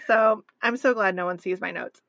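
A woman's voice: medium pitch, fairly even intonation, normal speed, fairly bright tone, no echo, dull audio. A woman co-hosting a podcast in casual chat, wry and joking as she works through her notes. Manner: wry, reads from notes, dry jokes. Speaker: podcast co-host.

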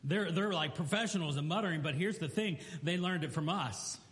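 A man's voice: fairly high pitch, brisk, fairly bright tone. A man preaching a sermon, telling stories and acting out quotes and everyday asides. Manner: storytelling preacher who acts out quotes and asides. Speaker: pastor. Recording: long hall reverb.

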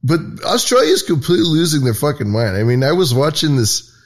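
A man's voice: fairly high pitch, very animated, fairly quick. A man hosting a podcast, talking in loose, profane, mocking casual commentary with lots of restarts. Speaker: podcast host.

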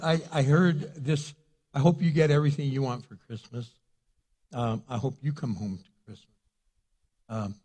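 Older pastor guy preaching, chatty and jokey, middle pitch. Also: darkish tone. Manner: chatty storytelling with laughs. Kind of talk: sermon.

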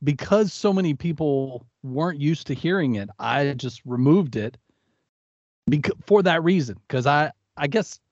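A man's voice: on the high side, expressive, moderate pace, darkish tone, dry recording, dull audio. A man from the American South who co-hosts a podcast, speaking without an accent in a candid, wry, joking way. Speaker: podcast co-host. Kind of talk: casual chat.

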